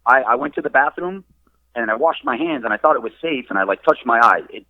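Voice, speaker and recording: A man's voice: medium pitch, fast talker, no echo, narrow, tinny audio. A man casually telling profane wrestling stories on a podcast, acting out what everyone said. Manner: profane, animated storyteller acting out quotes. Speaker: wrestler and trainer, podcast guest.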